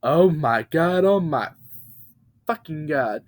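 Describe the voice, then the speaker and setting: A man voicing a panicked talking cartoon truck in a high, shrill, frantic voice. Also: slow, full character voice. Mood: horrified. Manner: shrill, excited, then swearing in horror.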